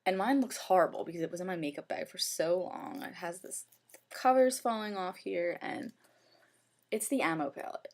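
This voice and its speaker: A woman's voice: fairly low pitch, normal speed. A young woman talking through her makeup in a casual review, gushing and chatty, with lots of "like" in her speech. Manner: gushing, chatty, heavy use of "like". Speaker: beauty vlogger.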